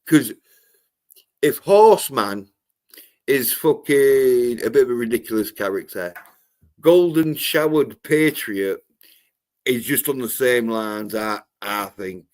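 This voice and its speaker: This is a man who runs a loose livestream panel. He talks bluntly and scornfully and swears in nearly every sentence. His voice sits at an ordinary middle pitch. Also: expressive, slow pace, pauses often, darkish tone. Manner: profane, blunt and mocking. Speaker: livestream host. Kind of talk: casual panel chat.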